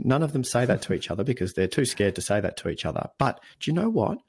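An Australian man speaking as a podcast guest, telling stories in an earnest, animated way. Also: lowish voice, quick pace, hardly any pauses, husky. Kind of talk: conversational interview.

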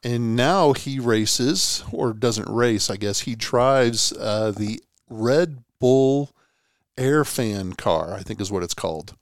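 Podcast guy rambling thru a story, lots of restarts, dead dry sound, middle pitch. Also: takes it slowly, dry recording. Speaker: podcast co-host. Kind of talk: casual sports podcast chat.

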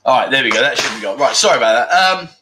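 Bright-voiced chatty livestream host. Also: male voice, medium pitch, lively intonation, very fast. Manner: chatty and rambling, swears casually. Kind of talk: casual live chat reading comments.

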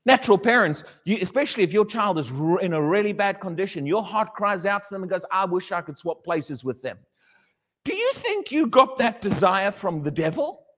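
Lively high-voiced male preacher in a hall. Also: a little fast, few pauses. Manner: animated, questioning the congregation, acting out dialogue. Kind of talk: sermon.

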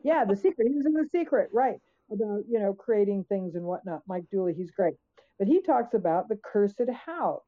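A woman speaking as a guest author, telling her story with emphasis and acting out her own questions in quotes. Her voice comes through a narrow, tinny line like a phone call, at an ordinary middle pitch. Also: animated, moderate pace. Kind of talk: conversational storytelling.

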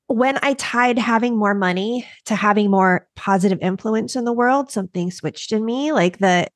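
A woman's voice: mid-range voice, no room sound, clean studio sound. A woman co-hosting a casual podcast, telling a story in an earnest and enthusiastic way. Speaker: podcast co-host, coach. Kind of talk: casual chat.

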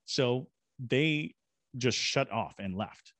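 This man speaks slowly at a medium pitch, with no room sound. A guest on a podcast, the Savannah, Georgia paranormal investigator narrates a story animatedly and mimics the voices of those he quotes.

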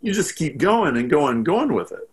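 A man guesting on a podcast, talking in an animated, storytelling way with lots of "like" fillers. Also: fairly high pitch. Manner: storytelling, quick bursts with frequent "like" fillers. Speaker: podcast guest, business strategist. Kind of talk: animated interview talk.

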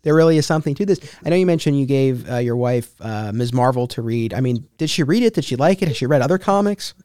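Male host, eager interviewer, animated high voice, dry close sound. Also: quick pace, dry recording. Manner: enthusiastic, stammering restarts. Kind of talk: casual interview chat.

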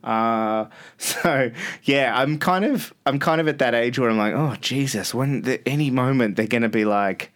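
Australian radio host as a guest, easygoing, chatty, mid-range voice, rambling. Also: male voice, mid-range voice, normal speed, a bit bright. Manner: laid-back and rambling, with fillers and frequent laughs. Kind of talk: casual podcast interview.

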